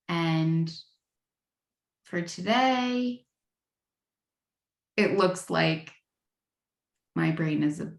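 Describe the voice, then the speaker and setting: Candid woman with a gravelly voice. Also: low-pitched, roomy sound. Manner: candid and frank, self-deprecating. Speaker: speaker at a recovery meeting. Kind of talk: personal share at a twelve-step meeting.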